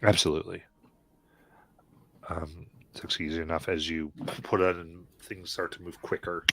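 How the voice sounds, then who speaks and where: A man narrating a tabletop game as game master, halting often with ums and uhs on a live stream. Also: sits low, little pitch movement, fairly bright tone.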